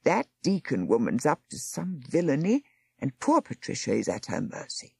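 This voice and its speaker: A woman's voice: sits low, huge pitch swings, normal speed, vocal fry, dark tone, husky, dry recording, studio quality, heavily acted. A woman voicing a determined, indignant old lady who speaks in a prim, proper way.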